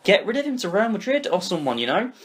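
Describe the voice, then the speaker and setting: A man's voice: high-pitched, big pitch swings, slightly rough. Young british guy hosting a podcast, opinionated and chatty. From Britain. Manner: opinionated, quick, asks questions. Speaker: podcast host. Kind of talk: casual football chat.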